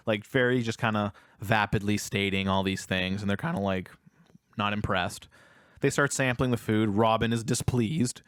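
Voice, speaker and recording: A man's voice: fairly low pitch, moderate pace, a bit bright, smooth, no room sound, studio quality. A man co-hosting a casual film review podcast, retelling scenes and acting out the characters' lines. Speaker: podcast co-host.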